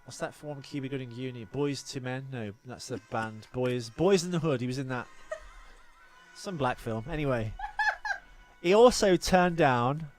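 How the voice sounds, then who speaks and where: A man in casual podcast chat, mid-pitched and plain in tone. He talks with confident, opinionated certainty, rattling off facts. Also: normal speed, faint music behind. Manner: opinionated, fact-reeling film buff. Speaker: podcast co-host.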